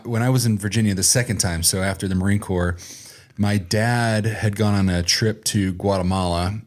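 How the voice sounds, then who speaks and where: Low-voiced man telling casual stories. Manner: relaxed and chatty, laughs often at himself. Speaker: podcast guest, coffee roaster. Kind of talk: casual storytelling in conversation.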